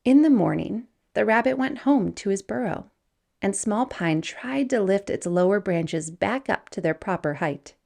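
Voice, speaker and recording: Slow, gravelly woman reading a storybook. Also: medium pitch, expressive. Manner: gentle, unhurried read-aloud with soft hushed passages.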